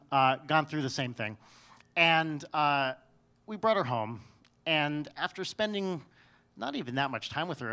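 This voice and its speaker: A man telling a funny personal story live on stage, swinging between loud bursts and quiet, dry asides. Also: on the high side. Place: stage before an audience.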